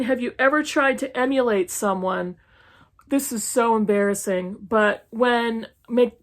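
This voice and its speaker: A woman in her fifties from New England, chatting frankly through a list of questions with sarcastic asides. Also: on the high side. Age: 50s. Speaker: book YouTuber. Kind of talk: casual chat answering tag questions. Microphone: camera mic, reading from an e-reader.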